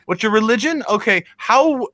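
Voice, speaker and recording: A man's voice: sits high, animated, normal speed, sharp tone, dry recording. A man in casual livestream banter, mocking and cursing with crude teasing jokes.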